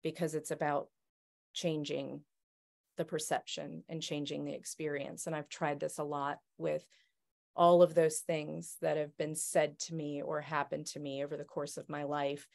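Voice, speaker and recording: A woman's voice: sits low, little pitch movement, normal speed, vocal fry, darkish tone. A woman sharing self-help tips with a group in a thoughtful, casual way, often restarting her sentences. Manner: thoughtful, many restarts and "right?". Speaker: circle member sharing tips. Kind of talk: reflective casual talk.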